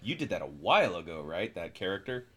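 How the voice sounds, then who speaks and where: Brief: laid-back male co-host, low voice with a very wide pitch range. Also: very animated, brisk, a bit bright. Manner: easygoing, laughs often, brief replies. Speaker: podcast co-host. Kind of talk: casual chat.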